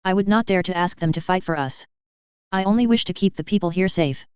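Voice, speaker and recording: A woman voicing an old, patient headmaster wizard who speaks in a calm, formal, measured way, in an audiobook reading. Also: lowish voice, smooth, no echo, lightly acted. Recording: dull dry lo-fi audio.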